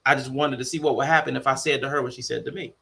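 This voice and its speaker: A man co-hosting a podcast in casual chat, telling a family story in an animated way. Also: mid-range voice, very fast, creaky. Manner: animated storytelling, slipping into mock voices. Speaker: podcast co-host.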